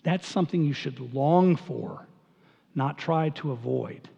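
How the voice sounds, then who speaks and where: A man's voice: mid-range voice, expressive, takes it slowly, vocal fry, mellow, husky. A man preaching a sermon to his congregation, conversational and emphatic, often repeating himself. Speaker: pastor. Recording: dull sound, long hall reverb.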